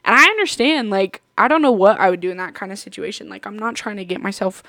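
A woman's voice: mid-range voice, fast talker, pushed and bright, dry recording. A woman hosting her own podcast, rambling through stories in a casual chat with frequent laughter. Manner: chatty, rambling, laughs often. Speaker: podcast host.

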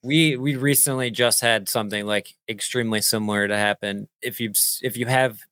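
A man hosting a casual conversation, relaxed as he tells a story. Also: on the low side, brisk, dry recording. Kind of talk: casual chat.

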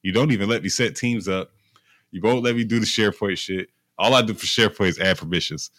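A young man in casual chat, telling stories in an animated way with heavy slang and swearing. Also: fairly low pitch, fast, no echo, clean studio sound. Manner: animated storytelling, profane slang.

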